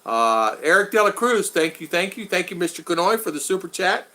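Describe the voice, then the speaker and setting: A man hosting a casual live stream, rambling and thanking his viewers one by one, his voice going hoarse after hours of talking. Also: high voice, sing-song, brisk, bright, forceful tone.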